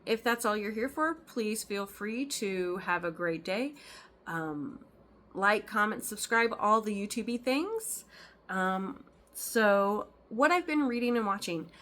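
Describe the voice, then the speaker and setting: A cross-stitch vlogger chats casually, rambling with lots of ums and restarts. Her voice is mid-range with a sharp tone.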